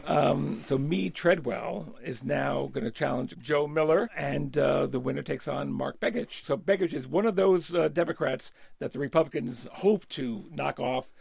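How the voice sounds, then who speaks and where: A man's voice: on the high side, moderate pace, creaky, few pauses, a little mellow, husky, no room sound. A middle-aged man co-hosting a political podcast in a radio studio, chatting and bantering with plenty of fillers. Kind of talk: casual political chat.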